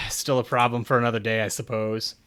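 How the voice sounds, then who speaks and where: Guy putting on a cursing panicky creature that yells, bright sharp voice, gaming table. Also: mid-range voice, flat delivery, normal speed, clear, resonant tone, lightly acted. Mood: grumbling. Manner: swearing, yelling in panic. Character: gruff panicky male creature, foul-mouthed.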